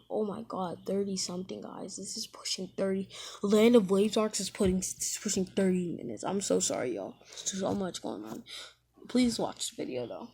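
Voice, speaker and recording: A woman's voice: medium pitch, vocal fry, a little mellow, slight background noise. A woman casually retelling a fan-fiction story as a YouTube storyteller, rambling along with lots of "like" fillers.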